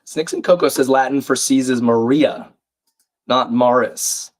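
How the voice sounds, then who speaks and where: Man, croaky, under the weather, chatty stream host reading out chat, mid-pitched. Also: unhurried. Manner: chatty, reads chat aloud, self-deprecating. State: croaky, a bit sick. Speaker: livestream crossword host. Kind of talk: casual live-stream chat.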